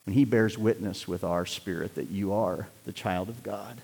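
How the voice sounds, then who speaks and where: A man preaching a sermon, swinging between loud exhortation and hushed, near-whispered passages. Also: lowish voice, steady tone, moderate pace, vocal fry, breathy edge. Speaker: pastor. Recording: long hall reverb.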